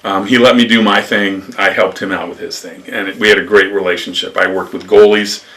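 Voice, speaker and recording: Older man, low voice, bright tone, rambling storyteller, distant mic. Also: a little fast. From upstate New York. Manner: rambling, animated anecdotes with acted quotes. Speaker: retired lacrosse coach, interviewee. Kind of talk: storytelling interview.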